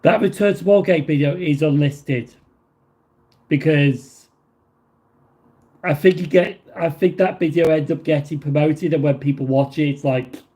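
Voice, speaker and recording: A man with a higher-pitched, dark-toned voice hosts a casual livestream at a measured pace. He reads viewer messages aloud and answers them in a rambling way, full of fillers and restarts.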